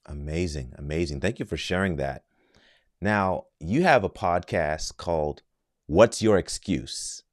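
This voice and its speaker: A man's voice: deep voice, animated, measured pace, no room sound, clean studio sound. A man hosting a podcast interview, encouraging and affirming as he asks questions. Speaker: podcast host.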